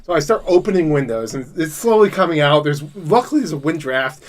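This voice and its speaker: Fairly quick and very animated, a high-voiced man co-hosting a podcast spins out a lengthy, profane tale in casual conversation. He keeps rambling and starting over, and he becomes loud and laughing as things build.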